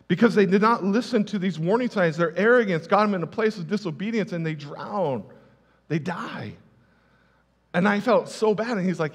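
Male pastor, high voice, storytelling sermon delivery, emphatic repeats, long hall reverb. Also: expressive, fairly quick, breathy edge. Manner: emphatic, repeats key words for effect; conversational, tells personal stories.

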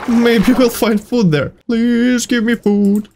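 High-pitched guy, slow and jumpy, freaking out at a horror game. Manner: excitable, yelps and laughs, non-native phrasing. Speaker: gaming YouTuber. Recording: faint music behind.

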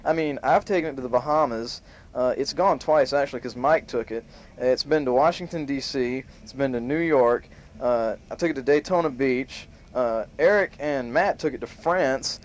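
A man hosting an amateur home-made show, reading a list aloud in a mock-serious way and punching the quoted bits loudly. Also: mid-range voice, normal speed. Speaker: host. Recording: muffled home tape with faint hiss.

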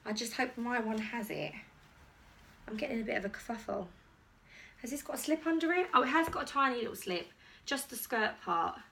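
Woman rambling happily about clothes, bright voice, sounds far from the mic in a boomy room. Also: expressive, fairly quick, creaky, a little hiss or hum. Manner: chatty, rambling, enthusiastic. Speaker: fashion vlogger. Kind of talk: casual try-on haul chat. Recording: echoey room, distant mic.

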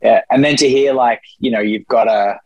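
A man's voice: medium pitch, normal speed, no echo, lo-fi sound. Hesitant man, dry close sound. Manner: hesitant, restarts and hedges a lot. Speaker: podcast co-host. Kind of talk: casual podcast chat.

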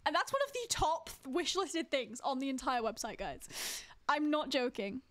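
A woman's voice: high-pitched, expressive, normal speed. A woman streaming a game live, chatting casually with viewers and teasing them as she plays. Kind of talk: casual live-stream chat while playing.

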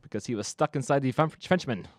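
A man's voice: medium pitch, fast, no room sound, clean studio sound. A man on a comedy podcast reading jokes, fumbling the lines and mocking himself. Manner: fumbling, self-deprecating joke delivery. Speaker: show regular reading jokes.

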